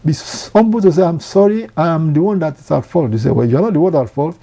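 Earnest preacher man, mellow and high. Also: quick pace. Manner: earnest, repetitive preaching with quoted scripture. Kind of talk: sermon.

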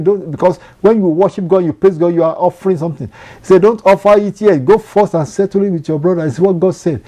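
Earnest preacher man, mellow and high. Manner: earnest, repetitive preaching with quoted scripture. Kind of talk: sermon.

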